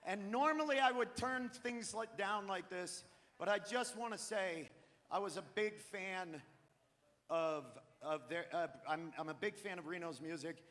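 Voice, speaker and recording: A stand-up comedian from New England, ranting loudly and profanely through a live set on a theater stage. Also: male voice, high-pitched, measured pace. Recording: live theater with long reverb.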